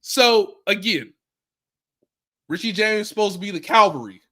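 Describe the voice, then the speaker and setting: An American man talks football on a podcast with a lively, swooping delivery, leaning into repeated lines and quick impressions of players. His talk is loose and conversational, full of asides to the audience. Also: sits high. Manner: animated, repeats phrases, imitates players with quotes. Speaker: sports reporter and podcast co-host. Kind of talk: casual sports podcast chat.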